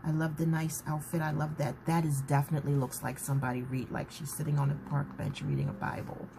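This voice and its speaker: A woman's voice: sits low, flat delivery, fast, vocal fry. A woman chatting casually to her viewers while she flips through a journal. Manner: chatty, warm-hearted, talks to viewers as "y'all". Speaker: journaling vlogger. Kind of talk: casual chat. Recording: noticeable background noise.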